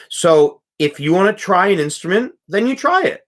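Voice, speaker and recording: A man's voice: high voice, sing-song, normal speed, fairly bright tone. A young man, a music teacher, hosting a live stream, reading chat comments aloud and talking casually with many restarts and fillers.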